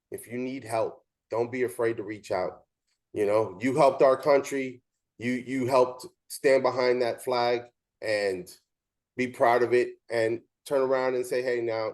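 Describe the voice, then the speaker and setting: Animated male host telling umpire stories. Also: medium pitch. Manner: animated storytelling with quoted dialogue. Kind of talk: casual interview chat.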